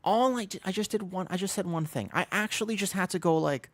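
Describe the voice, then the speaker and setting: A man's voice: high voice, fast talker, few pauses. A man chatting casually to his live stream audience, rambling with frequent restarts.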